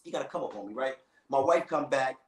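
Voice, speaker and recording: A man telling a long story in casual chat, animated, full of slang, acting out the other people in it. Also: mid-range voice, quick pace, reverberant, a crowd in the background, rough recording.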